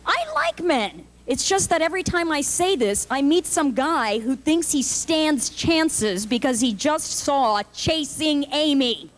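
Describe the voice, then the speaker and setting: Woman, stand-up comedian, high voice, punchy delivery, live club stage, faint noise. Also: sing-song, unhurried, hardly any pauses. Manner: punchy, jumps into character voices.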